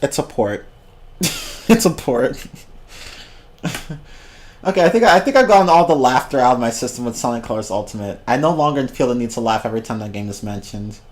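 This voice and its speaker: A man's voice: medium pitch, lively intonation, quick pace. A young man on a casual livestream, rambling about games, swearing freely and breaking into giggling fits. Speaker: streamer.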